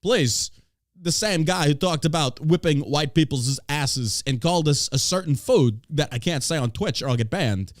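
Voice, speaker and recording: A man's voice: a little high, normal speed, no room sound, studio quality. A man hosting a podcast, ranting in casual chat with a profane, sarcastic, mocking manner. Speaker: podcast host.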